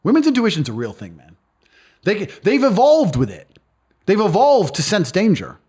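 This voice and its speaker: A man's voice: high voice, wildly swooping pitch, moderate pace, darkish tone, breathy edge. A man being interviewed, talking bluntly and boastfully, swearing freely and acting out other people's voices as he tells stories. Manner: acts out quoted voices of others. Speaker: interview guest. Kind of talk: casual interview talk.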